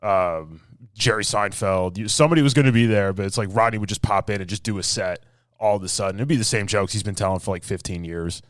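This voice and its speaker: A man from Long Island hosts a casual chat, voicing the people in his anecdotes. His voice sits somewhat low and sounds dry and close to the mic. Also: fast talker, dry recording. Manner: animated storyteller, acts out quotes. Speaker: podcast host.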